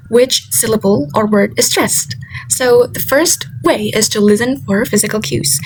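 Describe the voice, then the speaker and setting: A young woman whose first language is Indonesian gives a class presentation, carefully repeating example words slowly. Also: fairly high pitch, a little hiss or hum, rough recording. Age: young adult. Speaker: student presenter. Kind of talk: class presentation on word stress.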